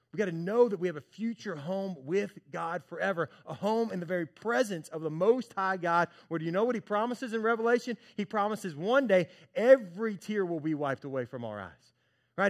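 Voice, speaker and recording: A man preaching a sermon, talking conversationally to his congregation and swinging from hushed moments to loud bursts. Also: high-pitched. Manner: conversational, addresses congregation as church and y'all. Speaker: pastor.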